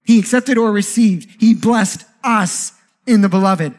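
A man preaching a sermon as pastor, animated, with jokey asides and rhetorical questions. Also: high voice, unhurried.

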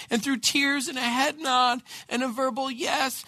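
A man preaching a sermon as pastor, telling a personal story in an animated way with frequent repeated words. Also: extremely high pitch, moderate pace, hardly any pauses, no room sound.

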